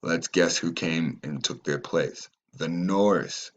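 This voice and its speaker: Male host, low and unhurried delivery, profane, rambling commentary over read passages. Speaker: channel host. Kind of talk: reading aloud and commenting.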